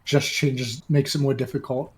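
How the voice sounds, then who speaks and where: A man playing a tabletop game, talking haltingly and often clearing his throat. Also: mid-range voice, level tone, darkish tone. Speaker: player.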